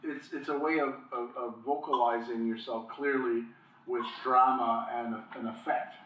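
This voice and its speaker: A man's voice: mid-range voice, fairly even intonation, normal speed, fairly bright tone, distant mic, slight background noise. A man co-hosting a casual podcast, musing aloud and asking rhetorical questions. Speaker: podcast co-host. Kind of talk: casual chat. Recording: dull lo-fi sound in an echoey room, off mic.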